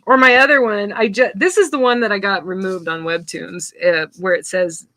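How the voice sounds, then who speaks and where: A woman's voice: medium pitch, fairly even intonation, moderate pace, bright, forceful tone, no room sound. A woman host chatting casually and telling her stand-up jokes, laughing often. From Southern United States. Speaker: comic artist and stand-up comedian hosting a stream. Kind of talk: casual chat.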